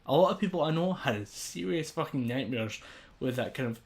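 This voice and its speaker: A man's voice: mid-range voice, expressive, brisk. Sweary young man joking on a podcast. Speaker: podcast co-host. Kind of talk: casual chat.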